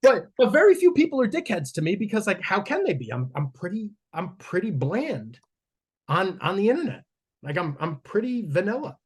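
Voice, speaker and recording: A man's voice: sits high, very animated, moderate pace, slightly rough. A man, a strength coach guest on a podcast, telling stories in a casual, profane and rambling way with frequent restarts.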